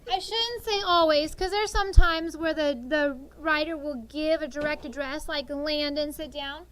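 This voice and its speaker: With a high voice and normal speed, this animated teacher in her thirties coaxes call-and-response answers from her sixth-grade class.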